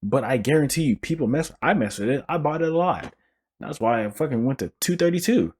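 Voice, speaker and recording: A young man hosting a casual solo podcast, ranting in an animated, profane and joking way, often restarting his sentences. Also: medium pitch, fairly quick, slightly rough. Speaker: podcast host.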